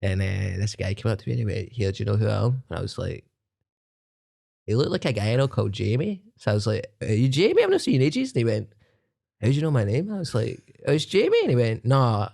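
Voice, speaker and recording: A man's voice: lowish voice, expressive, quick pace, gravelly, warm tone. A man telling rambling stories with frequent laughter in a casual podcast chat. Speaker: comedian guest.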